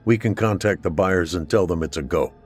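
A man voicing a calm, smiling man in a suit who reassures a wounded doctor in a horror story. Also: deep voice, a little fast, soft background music.

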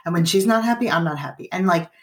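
Earnest woman parent coach in her 30s, lowish voice, sounds a bit far off in an echoey room. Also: animated, fast. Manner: earnest, gently coaching, acts out parent and child lines. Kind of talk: advice in a podcast conversation. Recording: roomy, off-mic sound.

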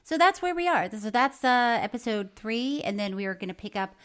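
A woman's voice: a little high, expressive, fairly quick, a bit bright, clean tone. A woman co-hosting a casual podcast, playfully reading listener letters aloud. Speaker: podcast co-host.

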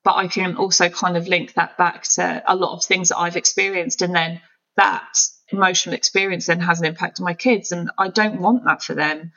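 Mother, low bright voice, lo-fi. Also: fairly even intonation, a little fast. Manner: open, emotional, searching. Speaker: podcast guest. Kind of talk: candid conversation.

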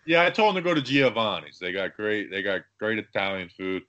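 A man's voice: lowish voice, fairly quick, lo-fi sound. A young man co-hosting a casual sports podcast, rambling and joking through his stories. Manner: rambling, joking, animated storytelling. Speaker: podcast co-host.

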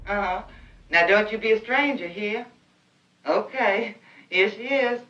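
A woman's voice: mid-range voice, unhurried, fairly bright tone, muffled recording, natural voice. An actress playing a homely, welcoming woman, heard from a distance in a roomy old film scene.

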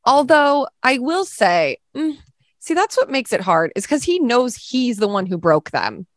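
A woman's voice: on the high side, sing-song, moderate pace, no echo, clean studio sound. A woman co-hosting a podcast, chatting casually, swearing and laughing often, and reading a listener's post aloud. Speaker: podcast co-host.

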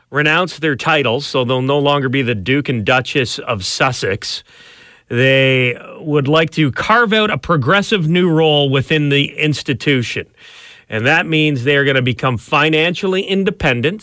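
Chatty radio host, dry sound. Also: male voice, on the high side, moderate pace, no echo. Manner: chatty, builds stories up with excitement. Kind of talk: casual news chat.

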